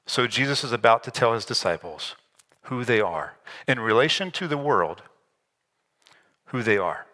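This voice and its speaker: A man's voice: medium pitch, lively intonation, normal speed, pauses often, bright, forceful tone. A man preaching a sermon, explaining scripture in a conversational way and slipping in self-deprecating asides. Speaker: pastor.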